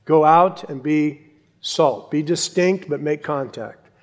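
A middle-aged male pastor preaching a sermon, emphatic, with rhetorical questions and quiet asides. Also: a little high, takes it slowly.

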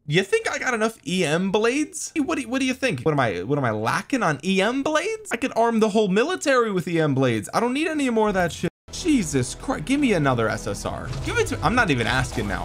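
A man's voice: high-pitched, wildly swooping pitch, brisk, hardly any pauses, a bit bright, soft background music. A young man giving gameplay commentary, with exasperated, joking rants at the game. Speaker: gaming content creator.

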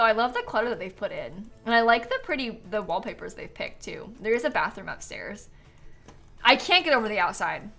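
A woman's voice: mid-range voice, big pitch swings, brisk, fairly bright tone, faint music behind. A woman chatting casually to viewers on a live game stream, bubbly and giggly, a bit tired and yawning.

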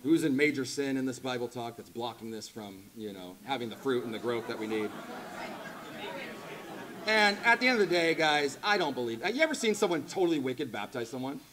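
A man preaching a sermon in a church, animated and conversational, rising to loud emphatic peaks. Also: medium pitch, brisk, some chatter behind. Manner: conversational asides with laughter. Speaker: pastor.

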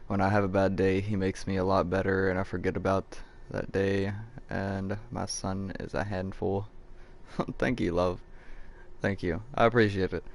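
A man's voice: sits low, flat delivery, normal speed, creaky, a little hiss or hum. A man hosting a live gameplay stream, chatting, joking and swearing as he plays and reads out messages. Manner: profane, joking banter.

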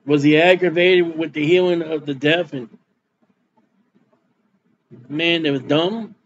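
A man's voice: fairly high pitch, slow, lo-fi sound, slight background noise. A man preaching a sermon as pastor, folksy and repetitive, reading scripture aloud between his comments. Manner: folksy preaching with repeated words and Bible reading.

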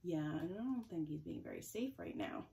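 A woman librarian reading a picture book to preschoolers, gentle and expressive, with chatty asides to the children. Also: low voice, normal speed, vocal fry, a little hiss or hum. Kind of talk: preschool story time reading.

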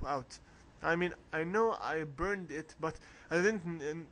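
Slow, bright-voiced man narrating a walkthrough. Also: on the high side. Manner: rambling, coughs often, reads game text aloud. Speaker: let's play host. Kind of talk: casual game walkthrough commentary.

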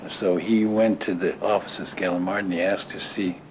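An older man reminiscing in an interview, talking haltingly with many restarts and fillers. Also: low-pitched, steady tone. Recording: dull lo-fi audio with clear noise.

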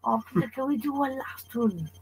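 Very breathy woman chatting on a podcast. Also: on the high side, lively intonation, moderate pace, darkish tone, rough recording. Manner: chatty, agreeing, interjecting. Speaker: podcast co-host. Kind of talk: casual podcast chat.

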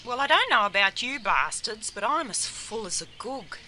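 A woman voicing a cheeky young Australian woman at a barbecue, loud and blunt, with an Australian accent. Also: on the high side, big pitch swings, normal speed, a little hiss or hum, full character voice.

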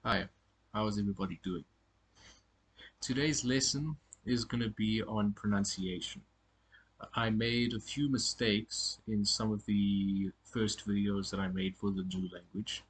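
A man giving a casual spoken lesson on pronunciation, often halting and repeating words as he corrects himself. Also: on the low side, fairly even intonation, slight background noise. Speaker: language teacher.

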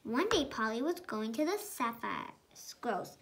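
Bright, high-voiced woman reading aloud. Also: big pitch swings, unhurried, creaky. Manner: chatty, commenting on the story. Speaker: storytime co-host. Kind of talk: reading a picture book aloud.

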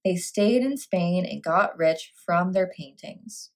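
A woman teacher reading a picture book aloud and walking through a phonics lesson, sounding out words clearly. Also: lowish voice, takes it slowly.

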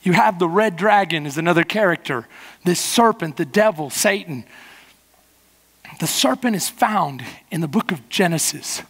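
A man preaching a sermon as pastor, fervent, rushing through some lines and slowing hard on others. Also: high voice, expressive, fairly bright tone. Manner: fervent preaching, swinging from quick bursts to slow emphasis. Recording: long hall reverb.

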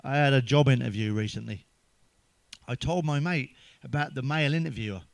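A man's voice: mid-range voice, brisk, gravelly, no echo. Sweary English man telling one-liners. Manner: swears heavily, laughs at his own jokes; sips a drink between jokes. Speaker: stand-up comedian. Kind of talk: crude one-liner stand-up.

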